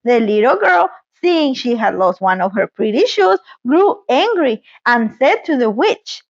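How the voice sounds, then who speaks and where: A woman reading a storybook aloud as host, with playful, animated asides. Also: on the high side, measured pace, few pauses, no room sound, dull audio. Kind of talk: expressive storybook reading with commentary.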